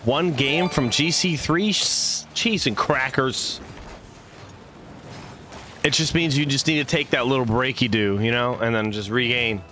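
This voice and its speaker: Bright-voiced playful male game caster. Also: mid-range voice, measured pace, faint music behind. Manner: playful, silly made-up words, chats with viewers. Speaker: esports caster and streamer. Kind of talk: live game commentary.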